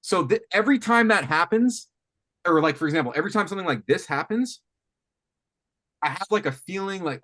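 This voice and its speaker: A man coaching a student on writing guitar riffs, thinking aloud with lots of restarts and animated talk. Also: sits high, brisk, long pauses. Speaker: music coach. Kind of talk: teaching songwriting on a call. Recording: faint guitar music behind.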